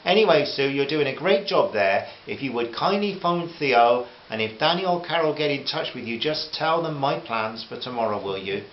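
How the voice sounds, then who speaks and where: A man's voice: medium pitch, expressive, moderate pace, few pauses, echoey room, highs cut off, slight background noise, close to an everyday voice. A man voicing a friendly, posh older male aristocrat who speaks genially and uses fond terms of address.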